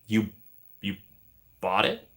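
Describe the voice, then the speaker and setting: A man's voice: on the low side, huge pitch swings, slow, bright, forceful tone. A man hosting a casual live stream, joking around and thanking his chat. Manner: jokey, thanks chat often, trails off into asides.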